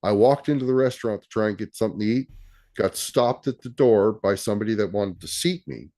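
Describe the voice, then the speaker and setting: A man speaks in a somewhat low voice as a guest in a casual live conversation. He explains patiently, but he trips over his words and repeats them as he goes. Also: brisk, dark tone. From Canada.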